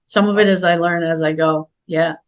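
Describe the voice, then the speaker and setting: Chatty middle-aged woman, low-pitched. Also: fairly even intonation. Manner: chatty, storytelling, quick to laugh. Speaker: guest spiritual healer. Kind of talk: casual interview conversation.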